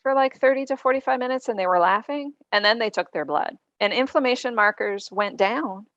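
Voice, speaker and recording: A woman's voice: a little high, animated, a little fast, fairly bright tone, no echo, lo-fi sound. A woman guest author in a podcast interview, explaining earnestly with frequent ums.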